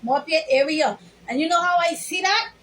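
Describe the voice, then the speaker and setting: A woman's voice: very high voice, normal speed, a bit bright, a little hiss or hum, poor audio. A Bahamian woman vlogger giving an emphatic, sermon-like storytelling monologue. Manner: emphatic, sermon-like, drawls words.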